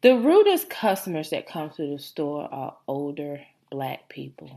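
Animated woman hosting a casual chat. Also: low-pitched, unhurried. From Rochester, New York. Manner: animated storytelling with big laughs, joking put-on New York slang. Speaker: podcast host.

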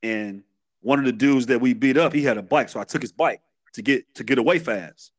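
A man's voice: medium pitch, fairly quick. A man in his thirties from Chicago with a Chicago accent, a podcast guest retelling his past in candid, streetwise storytelling with many restarts. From Chicago, USA.

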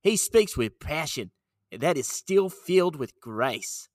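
A man doing a loud Australian accent. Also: fairly high pitch, animated, takes it slowly, dry recording, clean studio sound, voice pushed up. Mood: hammy. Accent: Australian, put on. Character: man reading a review in a put-on Australian accent.

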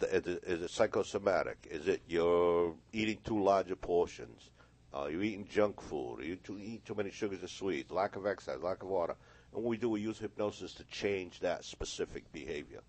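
A man's voice: deep voice, lively intonation, brisk, a little mellow, no echo. A man, a hypnotist guest on a radio interview, telling stories and acting out the voices in them. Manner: storytelling, acts out quoted voices. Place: radio studio.

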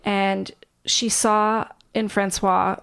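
A woman co-hosting a casual chat show, her voice carrying a steady vocal fry. She retells a story at an easy pace, loosely and with filler words. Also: mid-range voice, very slow. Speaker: podcast co-host.

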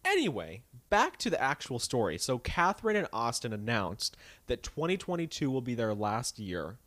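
A man's voice: mid-range voice, huge pitch swings, normal speed, fairly bright tone, no room sound. A young man co-hosting a podcast, chatting animatedly about celebrity gossip and mimicking people in put-on voices. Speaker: podcast co-host. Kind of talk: casual gossip chat.

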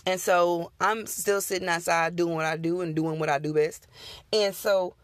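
A woman's voice: fairly low pitch, fairly even intonation, normal speed, no echo. A woman on her podcast telling a true ghost story in a casual, folksy way, talking straight to her listeners.

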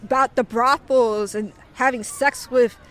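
High-voiced young woman telling a story. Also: measured pace. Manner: animated, full of "like" fillers. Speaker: interviewee. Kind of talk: casual storytelling.

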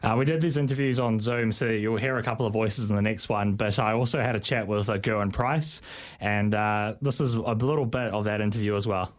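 Fast-talking New radio host. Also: male voice, lowish voice. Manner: joking, chatty. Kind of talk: casual radio chat.

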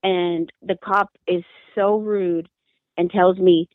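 A woman's voice: fairly low pitch, steady tone, no room sound. Distressed woman on a tinny phone line. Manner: halting, repeats words, distressed. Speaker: mother of a missing daughter, interviewee. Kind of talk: emotional interview account.

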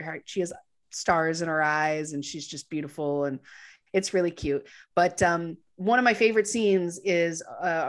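A woman co-hosting a podcast, chatting enthusiastically about a film and laughing easily. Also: fairly low pitch. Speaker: podcast co-host. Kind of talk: casual film discussion.

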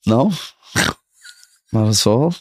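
Liverpool-accented young man, chatty and low. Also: lively intonation, very slow, dry recording, studio quality. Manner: chatty, laughs often, says "know what I mean". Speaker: guest. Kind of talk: casual chat.

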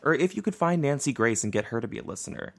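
A young man co-hosting a podcast, chatting casually and laughing often with animated asides. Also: medium pitch, quick pace, gravelly. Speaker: podcast co-host. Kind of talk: casual chat.

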